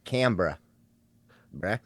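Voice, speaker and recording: A cocky young fan put on by a man taunts in a brash, crude swagger. The pitch swings widely, and the sound is close and dry. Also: expressive, slow pace, no room sound.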